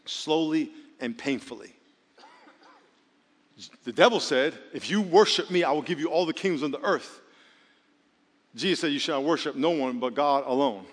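A man's voice: a little high, moderate pace, long pauses, big-room sound. A man preaching a sermon as pastor, joking and calling out questions to the congregation. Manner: lively, joking, calls on the congregation.

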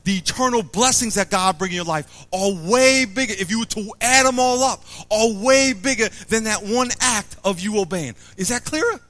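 A man preaching a sermon to a live audience, acting out little scenes, repeating himself and quizzing the crowd. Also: high voice. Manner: animated, acts out little scenes and quotes.

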